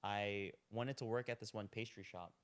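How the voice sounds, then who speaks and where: A young restaurant owner, appearing as a podcast guest, tells his story in a laid-back, rambling way, saying "like" constantly. His voice is fairly low and his speed normal in this casual chat.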